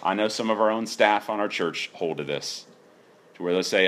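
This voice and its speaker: Male pastor, lively swooping delivery, emphatic sermon style. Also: lowish voice, normal speed. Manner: animated, emphatic preaching with rising exclamations.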